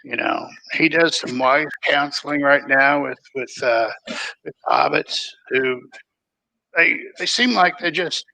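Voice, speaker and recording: A man's voice: on the high side, unhurried, creaky, bright, forceful tone, rough recording. A man in a loose, folksy casual book chat, rambling and restarting his sentences. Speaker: podcast co-host.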